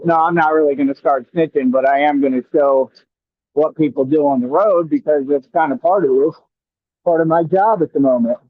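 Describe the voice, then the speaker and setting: Taunting high-voiced man on a scooter. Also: brisk, dry recording. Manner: taunting, stammering repeats. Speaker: vlogger. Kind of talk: trash-talking vlog. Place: outdoors riding a scooter in traffic. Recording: tinny phone-like, dry.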